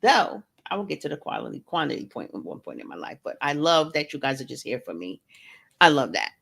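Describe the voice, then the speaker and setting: A woman's voice: deep voice, very animated, brisk, creaky, a bit bright, slightly rough. A woman hosting a casual livestream from home, chatting with viewers, greeting them by name and joking around. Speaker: livestream host and author. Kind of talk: casual live-stream chat.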